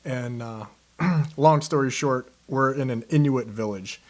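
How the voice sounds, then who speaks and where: A man's voice: mid-range voice, a little slow. A man hosting a podcast, chatting casually and telling his own story. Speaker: podcast host. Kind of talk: casual chat.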